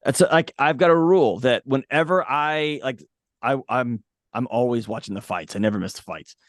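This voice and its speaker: A man's voice: medium pitch, moderate pace, no room sound, studio quality. A man talking as a podcast guest, giving blunt, emphatic advice in a casual way. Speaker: podcast guest, mental health author.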